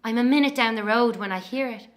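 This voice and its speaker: A woman's voice: a little high, crowd noise, natural voice. An actress with an Irish accent playing a young woman haunted by her missing twin, telling her story as a dramatic monologue in an audio drama. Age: young adult. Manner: breathless storytelling, quick to anger.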